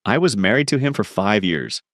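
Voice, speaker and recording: A man's voice: lowish voice, big pitch swings, moderate pace, a bit bright, no room sound, studio quality. A man voicing a cruel ex-wife who speaks with false sweetness, in a storybook reading. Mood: sweetly cruel.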